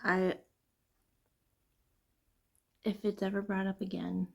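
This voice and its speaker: A woman hosting a casual knitting vlog, chatting and venting in an animated, chatty way. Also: medium pitch, normal speed, creaky, hardly any pauses. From Midwest United States. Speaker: knitting podcast host. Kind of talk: casual chat.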